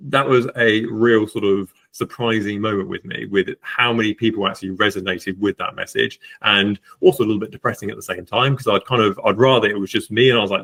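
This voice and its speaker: Bloke rattling off his story on a podcast, quick, deepish voice, lots of ums and restarts. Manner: fast, animated, lots of fillers and restarts. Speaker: podcast guest, estate agent. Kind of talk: candid conversational storytelling.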